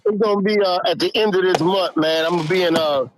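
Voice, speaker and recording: A man's voice: high-pitched, fast, slight background noise. A man in casual podcast chat, tossing out wisecracks and playful comebacks. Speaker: podcast co-host.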